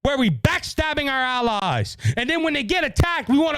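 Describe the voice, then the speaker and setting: Fired-up man yelling on his podcast. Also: very high voice, big pitch swings, brisk, dry recording. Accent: Louisiana Cajun. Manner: heated, yelling, repetitive. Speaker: podcast host. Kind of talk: angry political commentary.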